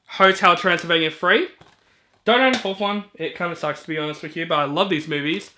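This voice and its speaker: A man reviewing movies in a casual video, chatty and enthusiastic, with filler ums and quick asides. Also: a little high, pushed and bright. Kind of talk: casual collection walkthrough.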